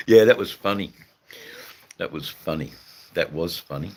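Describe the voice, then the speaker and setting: Laid-back deep-voiced Australian man. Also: creaky, a little hiss or hum. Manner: laid-back, rambling, drawn-out fillers, swears casually. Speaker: livestream host chatting with viewers. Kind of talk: casual live chat.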